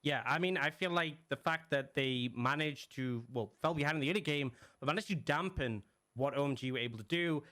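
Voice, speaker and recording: A man's voice: medium pitch, sharp tone. A man casting an esports match, chatty and joking with his co-casters. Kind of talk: esports commentary.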